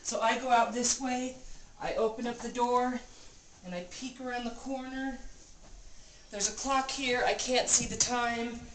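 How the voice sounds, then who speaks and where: A woman's voice: on the high side, unhurried. Woman telling a breathless story in a roomy cabin. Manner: animated, breathless retelling; repeats phrases for emphasis. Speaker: vlogger recounting an experience. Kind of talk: casual storytelling. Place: cabin room. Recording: roomy room with clear background noise.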